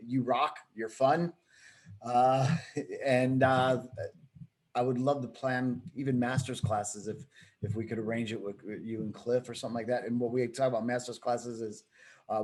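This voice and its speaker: Man, host, enthusiastic, mid pitch, casual chat, video call. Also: darkish tone. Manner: enthusiastic, full of praise.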